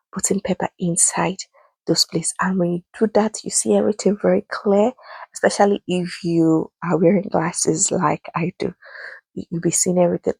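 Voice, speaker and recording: Nigerian-accented woman, low husky voice, patient tutor, dry close sound. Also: a little mellow, no echo. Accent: Nigerian English. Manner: patient, repeats instructions, slow and emphatic. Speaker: wig-making tutor. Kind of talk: voice-over tutorial.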